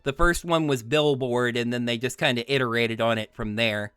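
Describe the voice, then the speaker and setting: A man's voice: mid-range voice, steady tone, normal speed, fairly bright tone, clear, resonant tone, no echo, studio quality. A man streaming a video game, chatting playfully with his chat and laughing often. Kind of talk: let's-play commentary.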